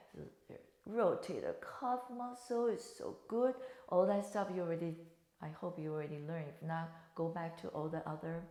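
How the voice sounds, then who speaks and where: A woman's voice: lowish voice, mellow. A woman wellness instructor leading a guided stretching class, calling out breath cues and checking in with "right?". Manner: chatty coaching with breath cues and frequent "right?". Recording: roomy echo.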